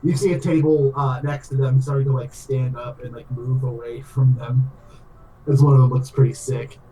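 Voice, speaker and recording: A man's voice: medium pitch, steady tone, moderate pace, mellow, slight background noise. A man narrating a tabletop game as game master, in a loose, rambling way full of filler words. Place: room on a live stream. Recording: roomy echo, mic at a distance.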